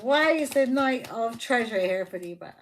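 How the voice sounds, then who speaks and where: A woman's voice: fairly high pitch, animated, normal speed, slight background noise. A woman giving a casual live tarot reading, blunt, joking and full of swearing. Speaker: tarot reader. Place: home livestream.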